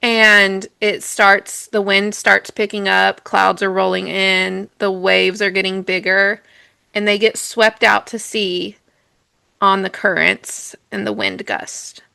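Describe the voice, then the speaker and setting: A woman's voice: mid-range voice, takes it slowly, vocal fry, bright, forceful tone, clean tone, no room sound. A woman co-hosting a podcast, telling a story in a chatty way, laughing often and correcting herself. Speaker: podcast co-host. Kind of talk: casual storytelling chat.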